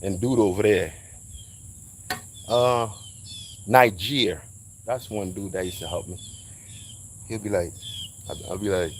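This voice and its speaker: A man telling a casual, animated story in slang, acting out quoted voices along the way. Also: fairly low pitch, a little slow, long pauses, slight background noise.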